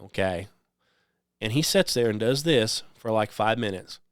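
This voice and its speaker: A man's voice: on the low side, lively intonation, measured pace, dry recording, clean studio sound. A man hosting a radio show, talking in a rambling monologue that is peppered with "um" and "okay?". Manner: conversational, repeats "okay?" and "um" often.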